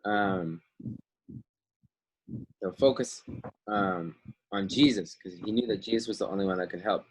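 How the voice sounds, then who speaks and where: A man's voice: on the low side, a little slow, a little hiss or hum, poor audio. A man teaching a Bible lesson over a video call, retelling the story casually in everyday slang. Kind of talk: online Bible class lesson.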